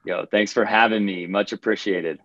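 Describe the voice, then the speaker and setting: A man, a professional runner, answering interview questions candidly in a halting way, heard over a remote call. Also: on the low side, fairly even intonation, a bit bright, no echo, muffled recording. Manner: candid, halting, with many restarts. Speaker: podcast guest, professional runner.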